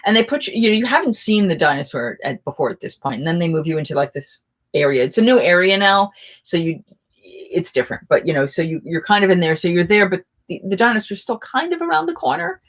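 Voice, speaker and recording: A woman's voice: lowish voice, quick pace. Rambling woman host telling stories. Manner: rambling, animated anecdote telling. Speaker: live chat host. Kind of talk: casual storytelling chat.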